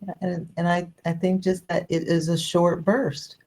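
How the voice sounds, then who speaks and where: A woman's voice: lowish voice, level tone, moderate pace, darkish tone. A woman co-hosting a faith podcast, speaking thoughtfully in a musing, casual way. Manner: thoughtful, musing, many fillers. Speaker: podcast co-host.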